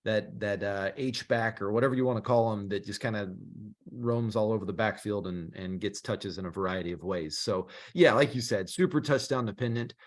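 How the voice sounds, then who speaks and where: A man's voice: fairly low pitch, moderate pace, hardly any pauses. Chatty young man on a sports podcast. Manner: chatty, laughs often, many fillers and restarts. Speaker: podcast co-host. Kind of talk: casual sports podcast chat.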